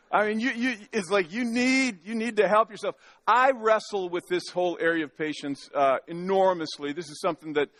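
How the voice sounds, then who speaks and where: Man, pastor, folksy and joking in the pulpit, fairly high voice, dry close sound. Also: a bit bright, no room sound. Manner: folksy and joking, with many restarts. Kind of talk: sermon. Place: church sanctuary.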